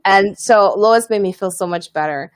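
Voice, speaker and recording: A woman's voice: medium pitch, normal speed, no room sound, studio quality. A woman comedian hosting a casual live podcast, talking candidly and reading viewer comments aloud.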